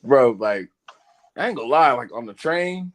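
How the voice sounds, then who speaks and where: A man's voice: mid-range voice, lively intonation, normal speed. A man from Seattle, host of the show, telling stories in a casual chat, full of laughter and profane slang.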